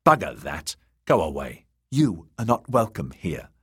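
A blustering, rowdy young drinker booms out over his cup, played by a male narrator. The voice is raised and brash, with a husky grain. He sounds ready to pick a fight or call for another round. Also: big pitch swings, measured pace, no echo, studio quality, full character voice. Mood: boisterous. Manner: loud, boisterous, blustering.

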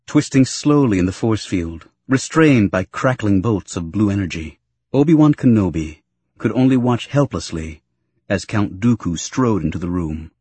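Husky low-voiced male audiobook narrator. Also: normal speed, no echo. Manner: expressive storytelling. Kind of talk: scripted narration.

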